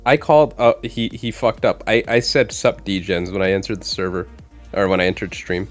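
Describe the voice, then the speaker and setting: A man's voice: deep voice, steady tone, normal speed, soft background music. A man co-hosting a live stream in casual chat, blunt and teasing.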